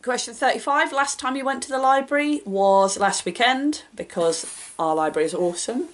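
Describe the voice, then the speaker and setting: A woman's voice: a little high, lively intonation, moderate pace. Chatty self-deprecating woman book vlogger. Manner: reads each question out brightly, then answers offhand and self-deprecating. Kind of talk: casual chat answering a book tag.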